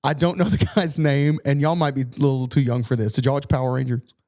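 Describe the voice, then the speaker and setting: A man's voice: mid-range voice, fairly even intonation, fast talker, a little mellow. A man co-hosting a podcast in casual chat, joking around and laughing easily while sharing his picks. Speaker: podcast co-host.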